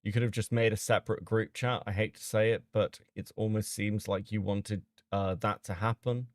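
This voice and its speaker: A man streaming casually as he reads out chat logs and reacts with sudden loud disbelief and swearing. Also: fairly low pitch, fairly even intonation, normal speed, no room sound, studio quality.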